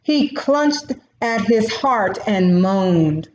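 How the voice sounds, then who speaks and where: A woman reading a children's storybook aloud in a slow, expressive way. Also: mid-range voice, a little hiss or hum. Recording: roomy, dull recording.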